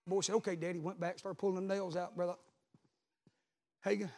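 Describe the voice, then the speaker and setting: A man, a pastor preaching a sermon, telling a story and then building to loud repeated calls. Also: high-pitched, flat delivery, brisk.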